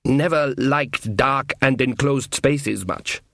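A man's voice: medium pitch, slow, creaky, fairly bright tone, no room sound, clean studio sound. A man voicing a small male dwarf, a nervous ladies' man who turns sarcastic and defensive. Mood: touchy, nervous.

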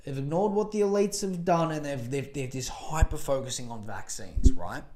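A man's voice: a little high, normal speed. A man hosting a podcast, giving casual political commentary in a rambling, profane rant full of fillers and restarts. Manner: profane, rambling, animated rants with many fillers. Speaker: podcast host.

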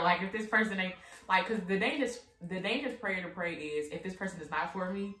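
A woman's voice: mid-range voice, fast, fairly bright tone. A woman hosting a casual faith discussion podcast, chatty and saying "like" often. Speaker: podcast host. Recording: echoey room, mic at a distance.

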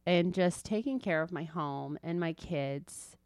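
A woman in her thirties speaks earnestly on a faith podcast, telling personal stories. Her voice sits a little low, recorded close and dry. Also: a little slow, a little mellow, clean tone, no room sound. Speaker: podcast co-host. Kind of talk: casual faith podcast chat.

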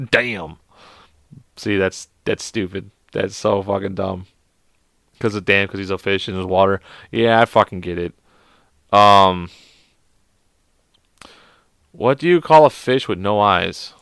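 A man's voice: lowish voice, slow pace, pauses often, a bit bright, clean tone, no room sound, clean studio sound. A man reading bad jokes aloud to his viewers, swearing a lot, laughing at the jokes and mocking himself. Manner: self-deprecating, exasperated. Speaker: video host.

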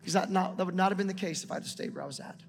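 A man's voice: high-pitched, racing, vocal fry. Impassioned man preaching in a reverberant hall. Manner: impassioned, rising to near-shouts, talks to God aloud. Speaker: pastor. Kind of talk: sermon. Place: church auditorium. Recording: large hall with long reverb, music beneath.

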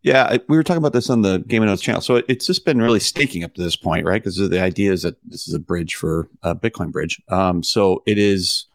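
A man with a very deep, gravelly voice, talking on a podcast in a relaxed, hedging way as he explains technical points. The sound is dry and close. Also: fast talker, hardly any pauses, no room sound. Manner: relaxed, explains things with hedges. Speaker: podcast co-host and validator. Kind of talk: casual chat.

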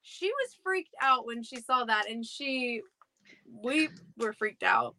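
A young adult woman with a high, bright voice co-hosts a podcast. She tells stories in an animated, chatty way. Her delivery is quick and lively. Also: slight background noise. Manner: animated storyteller. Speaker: podcast co-host. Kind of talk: casual chat.

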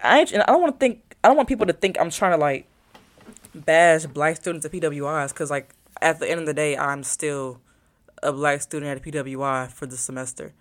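Rambling young woman vlogger. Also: sits low. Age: young adult. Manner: chatty and rambling, thinks aloud while searching her phone. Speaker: college student vlogger. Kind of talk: casual vlog chat to viewers.

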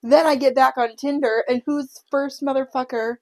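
Young woman, podcast co-host, casual chat, blunt, deadpan, swears freely. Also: high-pitched, moderate pace.

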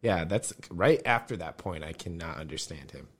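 A man joking around as a podcast guest, quick to react. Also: sits low, animated. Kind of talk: casual chat.

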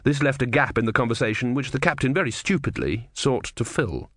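A man reading an audiobook in measured, dry storytelling narration. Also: mid-range voice, very animated, a bit bright, no room sound. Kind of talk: scripted narration.

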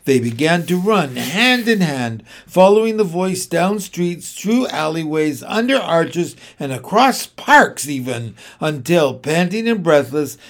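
A man reading a children's storybook aloud in a measured, expressive way. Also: fairly high pitch. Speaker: audiobook reader. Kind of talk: storybook narration.

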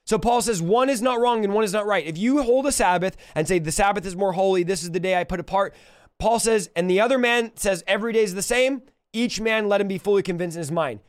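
A young man teaching the Bible verse by verse in an energetic, conversational way, speaking straight to his viewers and lifting his voice when he quotes scripture. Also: sits high, fast, clear, resonant tone, no echo, clean studio sound. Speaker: preacher and podcast host.

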